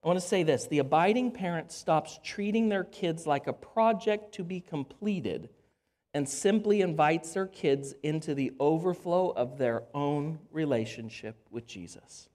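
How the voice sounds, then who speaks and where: A pastor preaching a sermon in an earnest way, addressing the audience as friends and repeating key phrases slowly for emphasis. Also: medium pitch, darkish tone.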